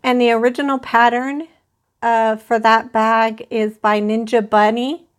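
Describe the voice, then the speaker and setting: Slow, chatty woman hosting a crochet stream. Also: on the high side, little pitch movement, clean tone. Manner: chatty, rambling, addresses live chat viewers. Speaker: crochet channel host. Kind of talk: casual live-stream chat.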